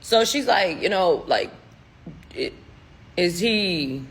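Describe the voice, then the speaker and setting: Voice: medium pitch, lively intonation, slow, gravelly, husky. A casual storyteller retelling a spooky story in a loose, rambling way, full of "like" fillers and little voices for the people quoted.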